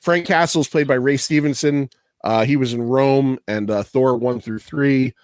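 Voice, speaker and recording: A man's voice: mid-range voice, unhurried, no room sound, clean studio sound. A man hosting a podcast, talking casually and profanely, rambling through trivia and laughing often. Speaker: podcast host.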